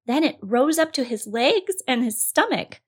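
A woman narrating a children's storybook, expressive and speaking straight to the young listener. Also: high voice, measured pace, husky.

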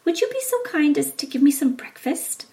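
An eager, polite young boy from a fairy tale, played by a woman narrator. His voice sits high and bright, earnest and keen. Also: very animated, normal speed. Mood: excited.

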